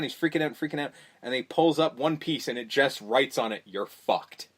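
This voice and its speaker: Male podcast host, mid-pitched voice, loose and profane, retelling scenes with quick voiced-out quotes. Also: a bit bright. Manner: swears freely, acts out characters' lines. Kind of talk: casual movie recap chat.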